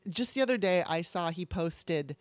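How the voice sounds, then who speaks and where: A woman's voice: lowish voice, lively intonation, normal speed, no echo. A middle-aged woman co-hosting a casual chat show, candid and rambling, swearing freely. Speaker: podcast co-host.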